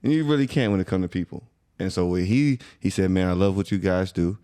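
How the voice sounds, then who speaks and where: A man's voice: deep voice, lively intonation, fast talker, mellow, clear, resonant tone. A young American man co-hosting a podcast, telling a story in a laid-back, slangy, conversational way. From USA. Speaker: podcast co-host. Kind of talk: casual storytelling chat.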